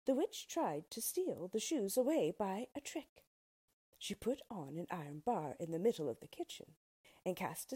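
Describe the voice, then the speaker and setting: A woman's voice: medium pitch, dark tone, slightly rough. A woman reading a storybook aloud, narrating expressively and unhurriedly.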